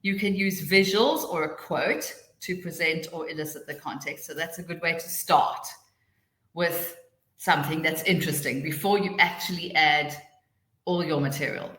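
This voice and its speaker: A woman runs a live teacher-training webinar in a chatty, hurried way, sometimes laughing at herself. Her voice sits a little low. The sound is echoey, as if from a bare room. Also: fairly bright tone. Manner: chatty, rushing then slowing down, laughing asides. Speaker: TEFL trainer hosting a webinar.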